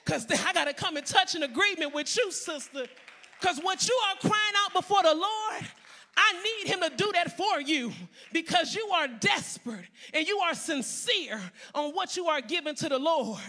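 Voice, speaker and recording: A woman's voice: extremely high pitch, lively intonation, normal speed, pushed and bright, pitched above the performer's own voice, full character voice. A woman preacher playing an old priest who is moved and exclaims fervently.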